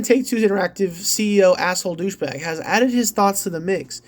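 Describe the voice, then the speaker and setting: A man's voice: high voice, darkish tone. A man ranting angrily about gaming news, reading an article aloud and breaking off with profane, incredulous reactions. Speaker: gaming commentator.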